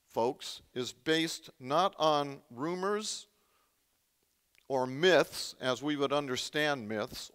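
A man's voice: mid-range voice, pushed and bright, long reverb tail. A man preaching a sermon in a conversational way, often quizzing the congregation with questions. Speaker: pastor.

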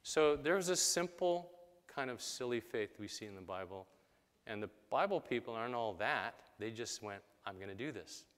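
Casual preacher in a reverberant hall. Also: male voice, medium pitch, animated, clean tone. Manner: conversational, acts out quick quoted voices. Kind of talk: sermon.

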